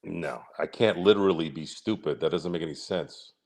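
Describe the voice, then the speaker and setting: A man's voice: low-pitched, normal speed, vocal fry, a little mellow. A man trading teasing insults with his co-host on a casual sports podcast. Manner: needling, trash-talking, laughing.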